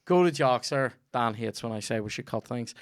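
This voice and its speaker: Sweary Northern Irish comic host. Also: male voice, medium pitch, lively intonation, normal speed, no echo, studio quality. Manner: sweary, jokey, chatty. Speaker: comedy podcast host. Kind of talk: rambling comic ad read.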